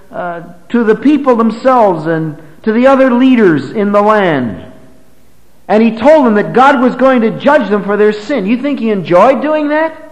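A man preaching a sermon, swinging from loud, high emphasis to low, quiet lines, and reading scripture aloud in old-fashioned English. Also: in a large hall, lo-fi sound. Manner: emphatic, rises and drops sharply in pitch and volume.

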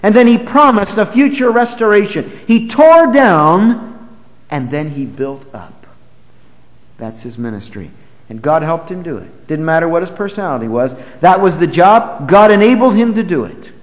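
A man preaching a sermon, swinging from loud, high emphasis to low, quiet lines, and reading scripture aloud in old-fashioned English. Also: sing-song, normal speed, in a large hall, low-quality recording. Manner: emphatic, rises and drops sharply in pitch and volume.

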